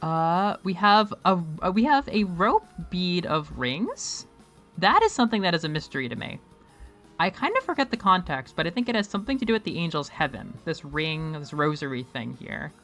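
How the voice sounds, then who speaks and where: Lively, bright-voiced woman streamer. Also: lowish voice, moderate pace, soft background music. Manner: animated, laughs often, bursts into shouts. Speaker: streamer host. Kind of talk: casual let's-play chat.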